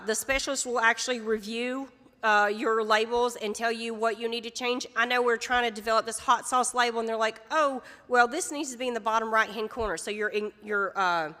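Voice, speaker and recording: A chatty woman gives a casual workshop talk to a room of producers. Her voice is fairly high and bright, and it rings with a long, echoey reverb from a large hall. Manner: chatty, folksy, with many fillers and asides. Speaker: extension presenter on food labeling.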